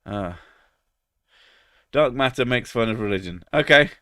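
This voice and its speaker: A low-voiced man with a cold, chatting loosely on a live stream. He jokes crudely as he reacts to chat, and the sound is dry and close. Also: unhurried, fairly bright tone, dry recording. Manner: crude, joking, reads out chat. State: has a cold, about to sneeze.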